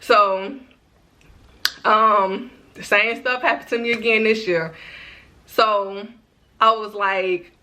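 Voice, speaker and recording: A woman in her twenties chatting through a storytime vlog, lively and talking straight to her viewers. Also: medium pitch, takes it slowly, pauses often. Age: 20s. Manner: chatty, animated, addresses viewers directly. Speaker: vlogger.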